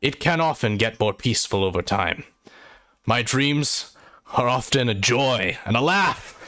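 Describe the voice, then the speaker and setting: A man's voice: animated, measured pace, sharp tone, dry recording. A man voicing a hearty, jovial male warrior companion who calls out cheerfully to wake everyone. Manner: booming, cheerful wake-up call.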